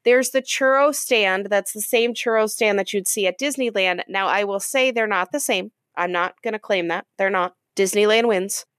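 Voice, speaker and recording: An upbeat woman talking in a relaxed, casual chat as a podcast co-host, laughing easily between points. Her voice is dry and close, with no room around it. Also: medium pitch, moderate pace, few pauses, no echo. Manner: enthusiastic, laughs often.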